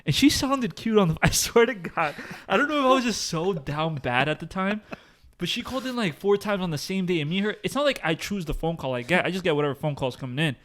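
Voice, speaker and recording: A young man hosting a podcast, telling stories in a slangy, animated way with plenty of swearing. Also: sits high, fast. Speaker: podcast host. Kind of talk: casual chat.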